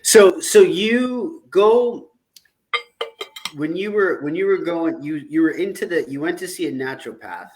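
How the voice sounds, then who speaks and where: A man hosting a casual podcast interview, asking halting follow-up questions. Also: on the high side, animated, darkish tone. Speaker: podcast host.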